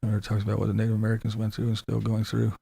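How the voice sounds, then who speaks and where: A man's voice: fairly low pitch, completely flat delivery, rapid-fire, creaky, warm tone, slightly rough, dry recording. A man hosting a casual commentary show. He talks to his chat, swears freely and breaks into laughs often. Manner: profane, laughs often, incredulous.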